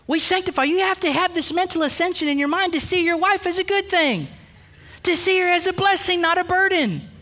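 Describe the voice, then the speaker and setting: A man's voice: very high voice, a little fast, bright, forceful tone. A man pastor preaching a sermon, emphatic and direct, calling out the men with playful asides. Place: church sanctuary.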